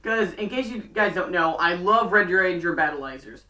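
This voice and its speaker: Woman rambling thru a show recap, lots of "like" and "uh", bright voice, echoey room. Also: on the low side, expressive. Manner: chatty and rambling, fast bursts, many fillers. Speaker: fan video recapper. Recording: roomy, distant from mic.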